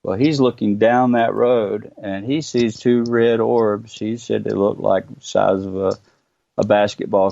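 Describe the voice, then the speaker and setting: A man's voice: fairly low pitch, vocal fry, dark tone, no room sound, dull audio. A man, a radio show guest, earnestly recounting a personal experience in vivid detail, with hesitations.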